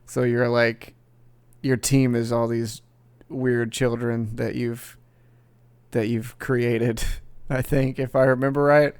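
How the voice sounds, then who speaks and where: A man's voice: mid-range voice, little pitch movement, takes it slowly, darkish tone, smooth, dry recording. A young man hosting a casual gaming podcast, rambling, swearing and laughing as he talks. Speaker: podcast host.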